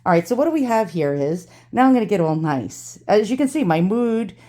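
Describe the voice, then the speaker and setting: A woman's voice: mid-range voice, big pitch swings, brisk, warm tone. Ranting woman with a New York accent. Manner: ranting, swings from angry cursing to cheerful. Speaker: antique channel host. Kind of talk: casual unboxing vlog. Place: home with dogs.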